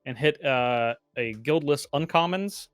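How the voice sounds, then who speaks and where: A man in casual game-play chat over a video call, narrating each move and tossing in dry, teasing jokes. His voice sits at an ordinary pitch and sounds close and dry, with no room around it. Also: a little slow, fairly bright tone, clean tone, no room sound, faint music behind. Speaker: card game player.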